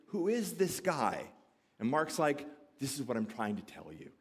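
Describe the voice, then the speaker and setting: A pastor preaching a sermon, conversational and animated, often acting out the voices of the people in the story and asking the congregation questions. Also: male voice, medium pitch. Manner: animated, acts out quoted voices of disciples.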